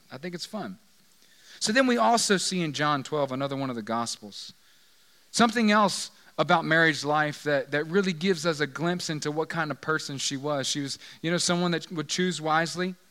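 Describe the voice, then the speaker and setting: A man's voice: a little high, a bit bright. A male pastor preaching in a conversational, joking way, often asking the audience questions. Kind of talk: sermon.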